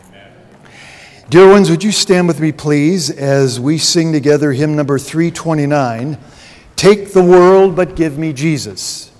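A man's voice: on the high side, unhurried, a little mellow. A man preaching a sermon as pastor, telling a story and acting out its dialogue. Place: church. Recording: long reverb of a large hall.

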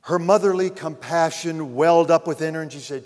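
A man preaching a sermon, telling a story and then addressing his congregation earnestly, rising loud and falling to a hush. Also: fairly high pitch, normal speed, hardly any pauses. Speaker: pastor. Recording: long reverb of a large hall.

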